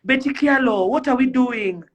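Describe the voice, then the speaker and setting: A woman's voice: sits high, moderate pace. A young Kenyan woman delivering an impassioned rant to camera, pleading and fiery, firing off rhetorical questions. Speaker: celebrity influencer.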